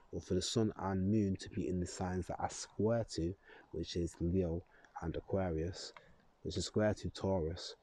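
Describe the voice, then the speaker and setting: A man's voice: low-pitched, warm tone, slight background noise. A man in a loose, rambling astrology vlog, chuckling and correcting himself as he goes. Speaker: astrology vlogger. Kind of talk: casual astrology talk to camera.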